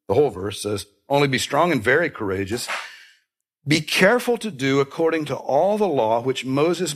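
A man preaching a sermon, earnest and emphatic, repeating key phrases and dropping into conversational asides. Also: medium pitch. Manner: conversational asides and self-corrections. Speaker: pastor.

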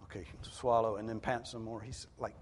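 A man's voice: lowish voice, level tone, normal speed, slightly rough. A male pastor preaching a sermon to his congregation in a conversational way, explaining scripture in plain everyday words. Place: church hall with a congregation. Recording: long reverb of a large hall.

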